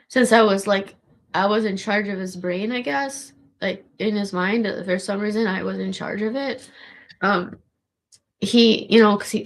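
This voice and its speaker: A woman with a gravelly voice, rambling casually in a monologue with restarts and swearing. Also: mid-range voice. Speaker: vlogger.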